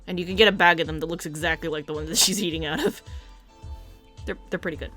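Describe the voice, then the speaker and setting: A woman's voice: lowish voice, steady tone, fast talker, bright, forceful tone, faint music behind. A young woman streaming a game, chatting casually and animatedly, swearing now and then.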